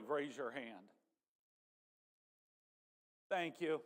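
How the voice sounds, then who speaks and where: High-voiced pastor in a reverberant church. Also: male voice, animated, takes it slowly, pauses often. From northern United States. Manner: conversational, folksy asides to the congregation. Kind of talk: sermon. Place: church sanctuary.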